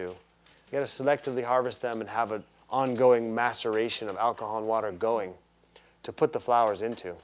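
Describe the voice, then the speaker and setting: A man teaching a live herbalism class, talking casually and with enthusiasm, and quizzing his students. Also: fairly low pitch.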